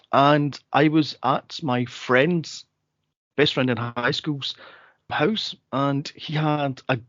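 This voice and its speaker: A Scottish man, a podcast co-host, telling a spooky story in casual chat, animated and swearing freely. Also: medium pitch, no room sound, highs cut off. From Scotland.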